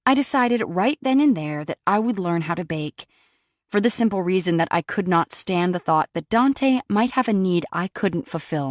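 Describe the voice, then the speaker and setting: Lowish woman narrating a romance. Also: no echo, studio quality. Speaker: audiobook narrator. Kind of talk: first-person romance audiobook narration.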